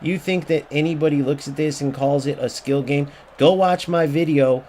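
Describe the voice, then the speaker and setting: A gaming YouTuber rants over gameplay, angry and profane, repeating himself and mocking other players in a mocking voice when quoting them. His voice is a little high, steady, mellow, and at normal speed, with slight background noise.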